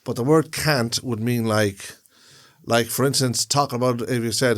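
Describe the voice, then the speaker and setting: A man's voice: mid-range voice, fairly even intonation, normal speed. Man explaining at rambling length. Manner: rambling, explains with long examples. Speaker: podcast co-host. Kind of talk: casual chat.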